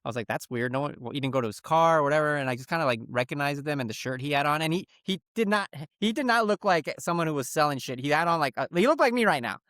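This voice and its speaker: A man's voice: on the high side, quick pace, hardly any pauses, dry recording, studio quality. A man co-hosting a casual podcast chat, telling stories and acting out the people in them. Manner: animated storyteller, acts out quotes. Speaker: podcast co-host.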